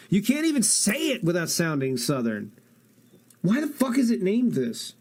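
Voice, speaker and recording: A fairly high-voiced man reacting on a live stream, swearing constantly and sounding incredulous as he riffs on whatever he's watching. He talks casually into a desk mic. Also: wildly swooping pitch, normal speed, darkish tone. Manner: incredulous, swears a lot, jokey. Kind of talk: casual profane stream commentary.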